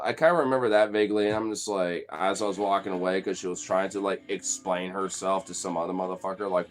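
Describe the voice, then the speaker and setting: A man's voice: low voice, fairly even intonation, fast talker, hardly any pauses, soft background music. Profane, rambling young man. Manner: rambling, profane, many "like" fillers. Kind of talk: casual storytelling.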